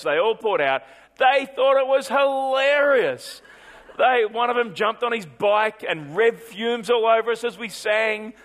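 A middle-aged male pastor telling a story in a sermon, animated and shifting between brisk and drawn-out delivery. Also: high voice.

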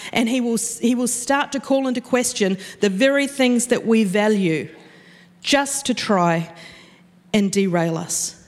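A woman preaching a sermon, animated and storytelling, acting out the voices she quotes. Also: fairly high pitch. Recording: long reverb of a church hall.

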